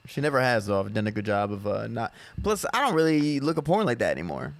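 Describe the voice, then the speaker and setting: Wry joking man with lively pitch. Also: fast talker, gravelly, no room sound. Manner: wry, joking questioner running the segment. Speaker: podcast co-host. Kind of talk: casual comedic chat.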